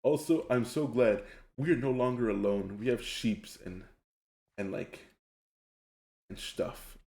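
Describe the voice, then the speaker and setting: A young man streaming a game, telling stories in a rambling, animated way and laughing often. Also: medium pitch, measured pace, gravelly, roomy sound. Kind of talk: casual chat while gaming.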